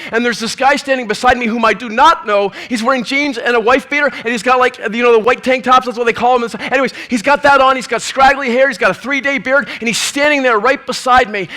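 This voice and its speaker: A male preacher telling a story in a sermon, lively and acting out the scenes. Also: very high-pitched.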